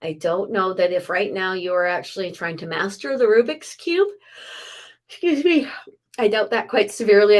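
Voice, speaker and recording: A middle-aged woman, a psychic medium, chatting through a live reading for viewers and passing on messages with quick asides. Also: medium pitch.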